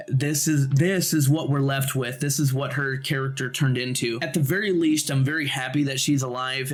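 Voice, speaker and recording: A man giving a casual, emotional manga review on video, rambling with animated outbursts. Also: a little high.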